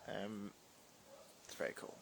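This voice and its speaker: A man's voice: unhurried, background noise. A young man, chatting casually on a livestream and answering viewer questions with lots of fillers and rambling asides. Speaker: drag performer answering fan questions on a livestream. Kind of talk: casual chat, reading and answering live comments.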